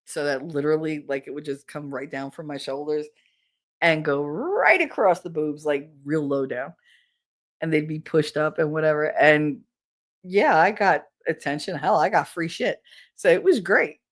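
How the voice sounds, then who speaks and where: A woman's voice: low voice, expressive, moderate pace. A middle-aged woman, a podcast co-host, telling stories in a casual, candid and profane way, often quoting others. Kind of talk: casual storytelling.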